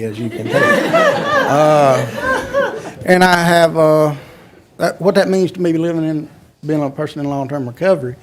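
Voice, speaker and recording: A man speaking as a recovery advocate at a public meeting, halting with many fillers, direct. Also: fairly high pitch, darkish tone.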